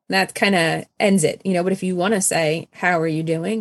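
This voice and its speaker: A chatty, lively woman talks as a podcast guest. Her voice is husky and sits at a middle pitch. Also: fairly quick, few pauses. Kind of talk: conversational interview.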